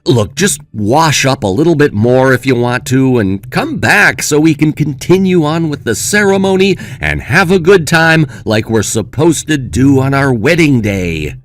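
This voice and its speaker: A man's voice: medium pitch, lively intonation, measured pace, few pauses, dry recording, studio quality, close to an everyday voice. A man playing a careless young groom who brushes off his bride with taunting, dismissive remarks. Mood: mocking.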